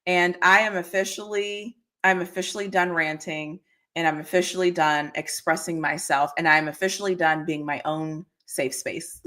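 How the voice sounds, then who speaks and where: A woman's voice: fairly low pitch, normal speed, a bit bright. A woman hosting a casual livestream, chatting freely, often laughing and answering comments from the chat. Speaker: livestream host.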